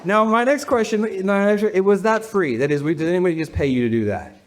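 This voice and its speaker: Pastor, male, high voice, leads a clapping game with the congregation, playful and laughing. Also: a little fast. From United States. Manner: playful, laughing, counting in the crowd. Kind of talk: leading a congregation in a rhythm game. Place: church hall with a congregation.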